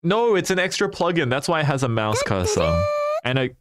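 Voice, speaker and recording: A man's voice: medium pitch, very animated, brisk, slight background noise. A young man live-streaming a game, chatting casually and animatedly with his viewers and laughing often.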